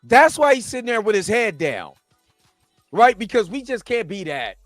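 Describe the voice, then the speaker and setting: Brief: male reaction host, high voice, dry close sound, impassioned ranting delivery with stumbles and restarts. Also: sing-song, normal speed, fairly bright tone, dry recording, soft background music. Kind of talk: heated reaction commentary.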